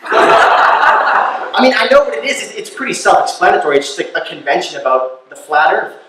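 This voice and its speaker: A man performing a stand-up comedy set, telling a long story and building to loud, incredulous rants. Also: high voice, very animated, moderate pace, distant mic. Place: live comedy venue. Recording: very echoey room, voice from off-mic.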